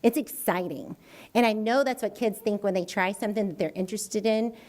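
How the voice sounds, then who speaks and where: A woman educator telling an animated story in a presentation to a school board, acting out her own quoted reactions. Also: medium pitch, a little fast. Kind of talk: enthusiastic public presentation. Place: school board meeting room.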